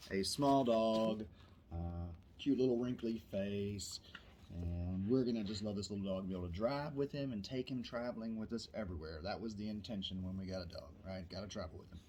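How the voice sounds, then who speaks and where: A man's voice: on the low side, a little fast, warm tone, a little hiss or hum. A man telling a story in a casual vlog, rambling and chatty, now and then breaking off to scold a puppy. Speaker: vlogger. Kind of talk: casual chat.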